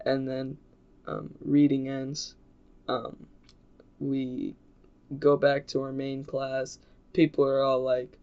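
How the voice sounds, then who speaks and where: A man rambles through a casual storytime vlog, stopping and restarting with plenty of fillers. He speaks slowly, and the recording sounds dull and lo-fi. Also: medium pitch, level tone, darkish tone, clean tone. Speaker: YouTuber.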